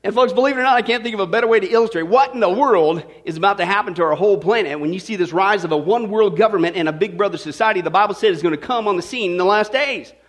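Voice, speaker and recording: Male pastor, high voice, chatty joking sermon delivery to a live church crowd. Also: very fast, hardly any pauses, a bit bright. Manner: folksy, joking, keeps checking in with "okay?". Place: church service before a congregation.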